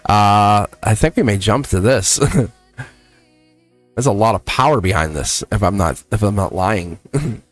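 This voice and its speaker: A man's voice: fairly low pitch, animated, unhurried, long pauses, no room sound, faint music behind. A man hosting a tarot reading livestream, talking in a chatty, encouraging way and laughing often. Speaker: tarot reader and livestream host. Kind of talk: casual livestream chat.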